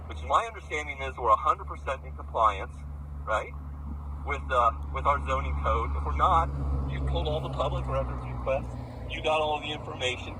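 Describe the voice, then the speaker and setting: A man's voice: mid-range voice, pushed and bright. A man in a heated outdoor argument, blunt and angry, repeating himself. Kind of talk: heated doorstep confrontation. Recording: outdoor recording from a distance with street noise.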